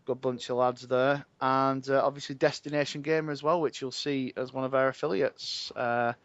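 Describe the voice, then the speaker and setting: A man's voice: mid-range voice, level tone, moderate pace, no echo, lo-fi sound. A man co-hosting a casual podcast, chatty and full of fillers. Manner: chatty, leans on "obviously" and "um". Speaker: podcast co-host.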